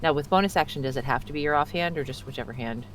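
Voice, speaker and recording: A man's voice: on the high side, rapid-fire, fairly bright tone, slight background noise. A man playing a tabletop game, chatty and apologetic, double-checking the rules as he rolls. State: clearing throat, choking on mucus. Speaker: player. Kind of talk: casual tabletop play.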